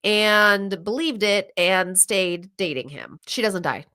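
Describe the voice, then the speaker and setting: A woman hosting a casual podcast, retelling a true crime story with lively acted-out quotes and some swearing. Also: mid-range voice, takes it slowly. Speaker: podcast host recapping a true crime show. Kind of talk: casual chat.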